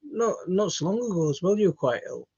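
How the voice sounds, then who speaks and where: A man's voice: sits high, very animated, a little fast, dark tone, husky, dull audio. Tired, rambling man on a live stream. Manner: rambling, hesitant, many ums and restarts. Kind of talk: casual live chat reading viewer comments.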